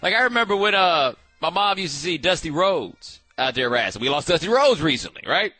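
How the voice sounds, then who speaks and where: A man hosting a sports talk show, riffing in a casual, animated way with frequent restarts. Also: a little high, brisk, no echo, faint music behind.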